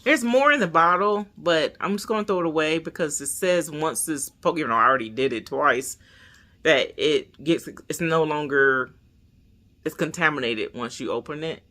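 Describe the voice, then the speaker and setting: Bright-voiced, anxious woman vlogger. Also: deep voice, normal speed. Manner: anxious, rambling, drops to near whispers. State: stressed. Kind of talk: casual personal vlog.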